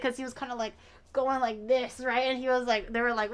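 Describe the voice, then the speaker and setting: A woman's voice: high-pitched, brisk, a bit bright, soft background music. A woman streaming herself cooking at home, chatting casually in a rambling way with exaggerated reactions. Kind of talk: casual livestream chat.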